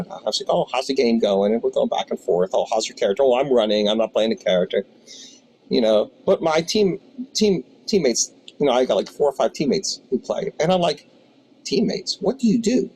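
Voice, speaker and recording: A man's voice: medium pitch, darkish tone, husky, rough recording. A man in his fifties who owns a tabletop game shop, telling rambling anecdotes with many restarts in an interview. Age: 50s. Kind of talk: storytelling interview.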